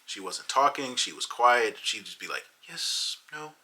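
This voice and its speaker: A man telling a funny personal story in a casual, animated way. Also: on the low side, moderate pace, breathy edge, low-quality recording. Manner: animated, dramatic retelling. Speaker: vlogger.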